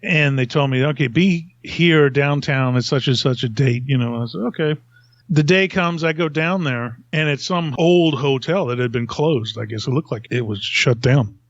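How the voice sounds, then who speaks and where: A man's voice: medium pitch, normal speed, no room sound, dull audio. A man telling a long story in casual podcast chat, rambling and self-mocking, laughing often.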